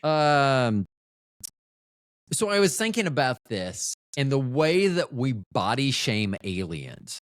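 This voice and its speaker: A man's voice: medium pitch, big pitch swings, takes it slowly, no room sound, clean studio sound. Rambling man hosting a podcast. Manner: rambling, self-interrupting, trails off mid-thought; profane, offhand humor. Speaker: podcast host. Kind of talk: casual solo podcast chat.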